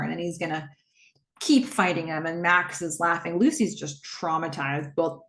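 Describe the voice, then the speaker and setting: A woman's voice: on the low side, fairly bright tone. A woman recapping a horror film in a chatty, present-tense retelling with asides and restarts. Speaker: movie recap vlogger. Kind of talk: casual movie recap.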